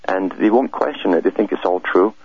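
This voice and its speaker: A man with a very deep, husky voice speaks earnestly as a radio guest, often stumbling and restarting. The sound is dry and muffled, like a radio broadcast. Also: dry recording. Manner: earnest, halting, many restarts. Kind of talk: talk radio conversation.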